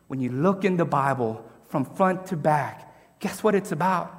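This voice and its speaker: A man's voice: fairly high pitch, lively intonation, a little slow, long reverb tail. A man preaching a sermon as pastor, emphatic and conversational, asking his congregation rhetorical questions.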